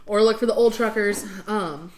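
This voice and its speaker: A woman's voice: mid-range voice, moderate pace, a little mellow, slight background noise. A young woman hosting a casual livestream, chatting with viewers in a rambling way full of fillers. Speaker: livestream host.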